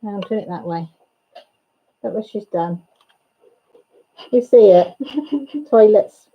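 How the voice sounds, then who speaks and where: A mother hosts a casual livestream chat in a medium-pitched voice at a slow pace, greeting viewers by name and talking with her family off-camera. The audio is dull and lo-fi.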